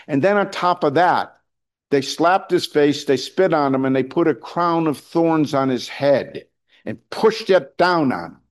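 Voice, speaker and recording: Man preaching a conversational sermon. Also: on the high side. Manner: conversational preaching, rising to loud emphasis, with fillers and restarts. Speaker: pastor.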